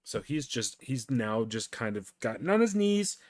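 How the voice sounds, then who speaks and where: A man runs a tabletop game as game master, describing the action in a relaxed way. His pitch moves around a lot as he tells it. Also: moderate pace, no echo.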